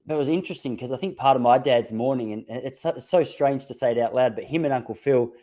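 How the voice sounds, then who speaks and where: A man talks in an easy, reflective way, often stopping and restarting his sentences as he tells a story. His voice has a warm, mellow tone, and the setting is a casual podcast conversation. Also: mid-range voice, fast. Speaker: podcast host.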